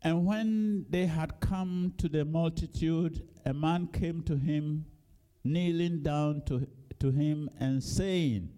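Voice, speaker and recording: A man preaching a sermon, reading scripture in a low voice and then rising into loud, emphatic exhortation. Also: slow pace.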